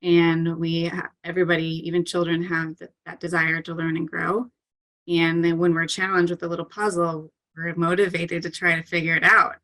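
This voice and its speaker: A woman's voice: on the low side, level tone, normal speed, fairly bright tone. A woman talking as a parkour coach in a casual interview, earnest and chatty, with frequent "um" and "like" fillers and light laughs.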